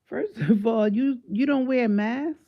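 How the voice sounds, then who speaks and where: A woman hosting her own live stream, reacting to what she reads with loud, teasing, disbelieving commentary full of slang. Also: a little high, measured pace, highs cut off. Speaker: livestream host.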